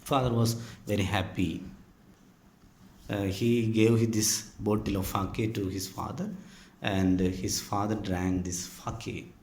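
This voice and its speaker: A man with an Indian English accent, a teacher patiently telling a story to his students step by step, with frequent pauses. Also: lowish voice, steady tone, darkish tone. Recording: echoey room with faint ambient noise.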